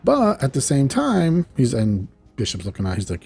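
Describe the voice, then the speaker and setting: Mellow, husky-voiced man recapping casually. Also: medium pitch, wildly swooping pitch, moderate pace. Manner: chatty and loose, with frequent fillers and laughs. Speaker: video reviewer. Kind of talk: casual recap of a cartoon episode.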